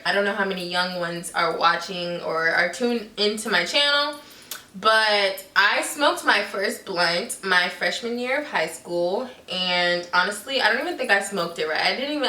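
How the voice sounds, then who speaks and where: A loud, goofy young woman talking through a casual vlog with a bright, forceful tone. She sits back from the mic in an echoey room. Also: medium pitch, recorded from a distance. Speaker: vlogger.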